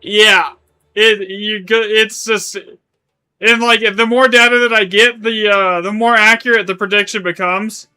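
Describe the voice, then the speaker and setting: A man's voice: sits high, fairly even intonation, measured pace, bright, forceful tone, smooth. A man streaming a game live, chatting casually in a rambling way, correcting himself as he goes and swearing now and then. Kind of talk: live gaming stream chat.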